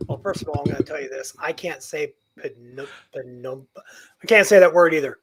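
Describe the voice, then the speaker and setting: A man guesting on a casual podcast, playful and rambling, and quick to poke fun at himself. His voice sits high for a man. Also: a bit bright, husky. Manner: playful, rambling, self-deprecating.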